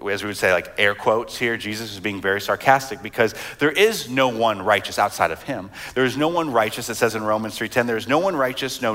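A man in his thirties with a lowish, slightly bright voice preaches as a pastor. His sermon is conversational, with fillers and restarts as he reads scripture and explains it.

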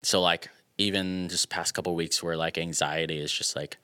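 A young man with a very low voice that still comes across bright and forward. He talks as a guest in a casual podcast chat. His speech is reflective and halting, with many fillers and restarts. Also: steady tone, clean tone. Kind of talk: casual conversation.

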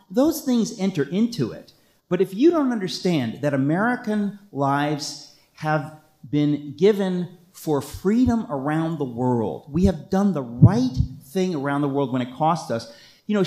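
A man's voice: fairly high pitch, darkish tone, echoey room. A man speaking as an author, answering an audience question in an impassioned, emphatic way, often restarting his sentences. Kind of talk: talk with audience Q&A.

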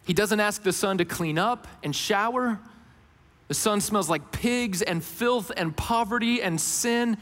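A man preaching a sermon as a pastor, earnest, rising on questions and dropping low to stress a point. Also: measured pace, a bit bright, long reverb tail, faint music behind. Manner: earnest, rises for questions and drops low for emphasis.

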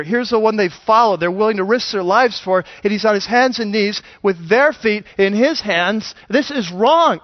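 Male pastor sermon, chatty animated storytelling, high voice, dry lo-fi sound. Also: no room sound.

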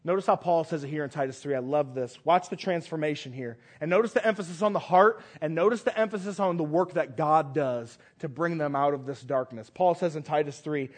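A male pastor preaching a sermon, stressing phrases by repeating them and swinging between loud declarations and hushed lines. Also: fairly high pitch, brisk, hardly any pauses.

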